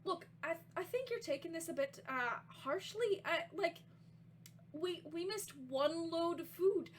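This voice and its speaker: A woman voicing a flustered male ship captain who keeps trying to calm people down. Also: sits high, measured pace, a little hiss or hum. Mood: placating. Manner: defensive, smoothing things over.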